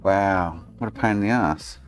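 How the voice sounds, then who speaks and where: Deep-voiced Australian man ranting casually. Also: normal speed, soft background music. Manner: exasperated ranting, heavy swearing. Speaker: console repair streamer. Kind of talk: casual livestream chat while working.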